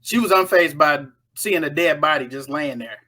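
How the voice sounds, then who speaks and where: A woman runs through a horror film's plot in a loose, chatty way. She jumps into the characters' voices as she tells it, and her tone is bright and forceful. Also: deep voice, normal speed. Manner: animated, acts out the characters' lines. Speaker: storyteller recapping a film. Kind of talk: casual spoken film recap.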